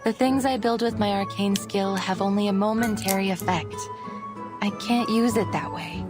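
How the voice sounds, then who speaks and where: A composed young scholar with a Russian accent, voiced by a woman explains things politely and evenly in a game cutscene. Her mid-pitched voice sits over light background music. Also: moderate pace, natural voice.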